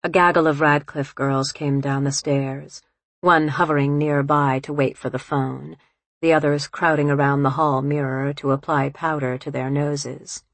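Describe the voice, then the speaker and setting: A woman reading literary fiction aloud in a calm, unhurried narration on a close studio mic. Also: deep voice, dry recording. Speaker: audiobook narrator.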